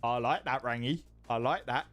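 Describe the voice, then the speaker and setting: A man's voice: medium pitch, moderate pace, a bit bright, soft background music. A man streaming from home, chatting casually with viewers in a rambling, sweary way that repeats itself. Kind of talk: casual livestream chat reading viewer messages.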